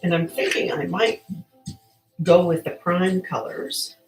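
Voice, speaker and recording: A woman's voice: lowish voice, measured pace, faint music behind, low-quality recording. A woman, likely older, chatting her way through an art tutorial while hiccuping, rambling and laughing at herself. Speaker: artist. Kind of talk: casual craft tutorial.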